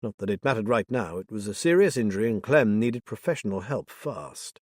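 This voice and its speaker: A man narrating a thriller audiobook in a measured, even reading. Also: fairly low pitch, dry recording, clean studio sound. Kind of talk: scripted narration.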